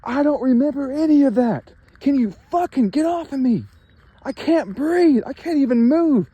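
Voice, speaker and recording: A man's voice: very high voice, animated, moderate pace, mellow, no echo, pitched above the performer's own voice. A man voicing a desperate drugged captive who begs his attackers to stop, pleading and swearing in panic. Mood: panicked pleading.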